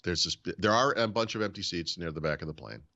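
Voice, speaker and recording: A man's voice: low voice, fast talker, highs cut off. A man hosting a podcast, casually telling a story and acting out the people in it. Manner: animated storyteller, acts out quoted dialogue. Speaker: podcast host.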